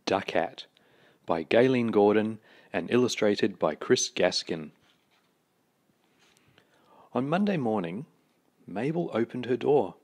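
A man with a lowish voice reads a children's picture book aloud. His delivery is slow and unhurried, with lively, rising and falling intonation that brings the story to life.

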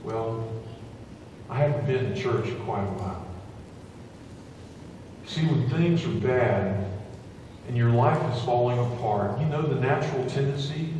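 Earnest pastor preaching in echoey hall. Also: male voice, medium pitch, a little hiss or hum. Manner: earnest preaching, swinging between hushed storytelling and raised fervent appeals. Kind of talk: sermon. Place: church sanctuary. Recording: echoey church hall from a distance.

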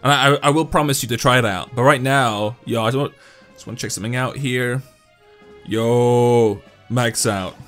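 A young man giving casual, excitable commentary over a mobile game, breaking into loud high-pitched outbursts. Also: moderate pace, faint music behind. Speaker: gaming YouTuber.

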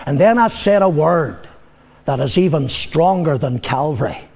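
Older preacher in echoing hall. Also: male voice, animated, moderate pace, vocal fry, husky. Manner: storytelling preacher, swings from loud declaring to low confiding. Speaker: pastor. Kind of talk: sermon. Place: church. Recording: long reverb of a church hall.

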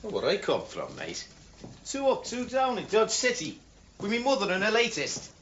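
An actor playing a dry, mocking young labourer from a rough home. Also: male voice, high voice, wildly swooping pitch, moderate pace, a bit bright, slight background noise, heavily acted. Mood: sardonic. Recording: echoey dull TV soundtrack.

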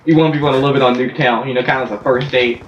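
A man's voice: mid-range voice, fairly even intonation, very fast, roomy sound, recorded from a distance, highs cut off, slight background noise. A man joking and rambling through casual gaming banter, often repeating himself. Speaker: gaming YouTuber.

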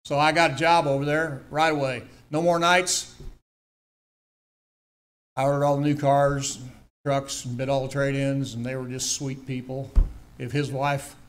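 A man's voice: mid-range voice, steady tone, a little slow, long pauses. An older man, giving a personal testimony in church, telling his story earnestly with emphatic repetitions.

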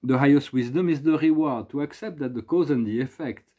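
A middle-aged man giving a slow, meditative spiritual talk as an oracle reader. He halts often, repeating words and restarting his phrases. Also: medium pitch, dark tone, lo-fi sound.

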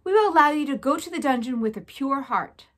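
A woman voicing a booming pompous head mouse judge. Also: animated, brisk. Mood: stern. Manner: booming, commanding.

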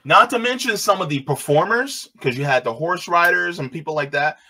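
A man tells a story from his own life in a loose, conversational way. His voice sits a little high and swings widely in pitch as he repeats phrases. When he quotes other people, his voice jumps up. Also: animated, fairly quick, sharp tone. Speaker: video host. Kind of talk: casual personal storytelling.

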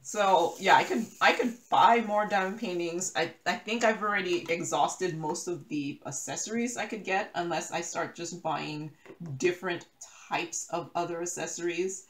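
A woman's voice: lowish voice, moderate pace. Rambling woman chatting in a roomy room. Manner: rambling, self-correcting, laughs often. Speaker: crafting YouTuber. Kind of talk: casual chat while diamond painting. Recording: roomy echo.

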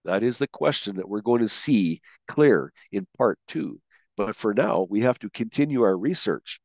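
A man teaching a Bible word study, slowly asking questions and stressing key words as he goes. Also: on the low side, animated, darkish tone, no echo. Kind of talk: scripted teaching narration.

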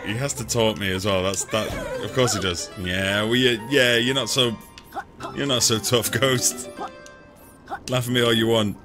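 A man's voice: on the low side, fairly even intonation, moderate pace, music in the background. A man hosting a let's play, giving chatty, self-mocking gameplay commentary and laughing often.

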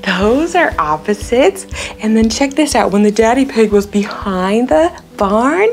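Woman host, high bouncy voice, slow repetitive toddler teaching, faint music behind. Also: sing-song. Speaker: children's show host. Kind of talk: sing-song toddler teaching with toy play.

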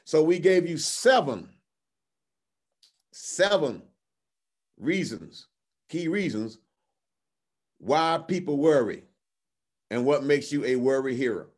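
A man teaching a Bible lesson online as a pastor, relaxed and chatty, slowing down to stress key words in declarations. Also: on the high side. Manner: slow emphatic declarations, rising on key words; relaxed, conversational with fillers.

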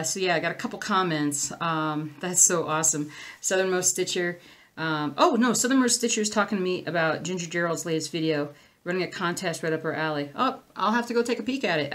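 A woman's voice: lowish voice, fairly bright tone. A woman hosting a crafting channel, chatting casually to the camera in a rambling, easily sidetracked way. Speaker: cross-stitch channel host.

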